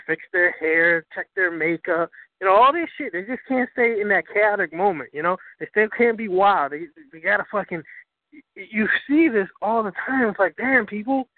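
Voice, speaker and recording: High-voiced man with a tinny phone sound. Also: no echo. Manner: emphatic, profane, keeps asking "you understand?". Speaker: host. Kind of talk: casual spiritual talk show.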